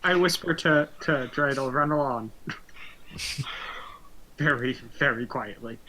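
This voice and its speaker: A man's voice: medium pitch, slow pace, pushed and bright, slight background noise, rough recording. A man playing a tabletop game who laughs easily and jokes in and out of character. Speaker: player.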